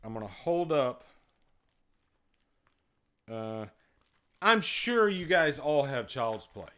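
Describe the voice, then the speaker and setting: A man's voice: mid-range voice, slow pace, clear, resonant tone. A man hosting a live movie night stream from a room at home, chatting casually and joking with his viewers. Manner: excitable, joking, talks straight to his chat. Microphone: external mic.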